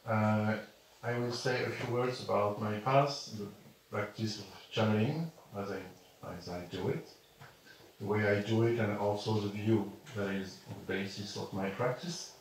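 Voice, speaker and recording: A man with a French accent speaks slowly and haltingly to a gathered audience, pausing often and restarting phrases. His voice sits fairly low. He sounds set back from the mic in a very echoey room, with a light hiss behind him. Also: recorded from a distance. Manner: slow, halting, with many pauses and restarts. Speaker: spiritual channeler. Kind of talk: speech to an audience.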